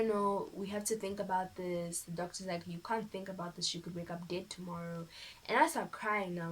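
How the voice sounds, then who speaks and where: Animated South African woman telling a story. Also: fairly low pitch, husky, poor audio. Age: teens. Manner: animated, acts out quoted people. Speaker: vlogger. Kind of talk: casual storytelling vlog. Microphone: phone camera.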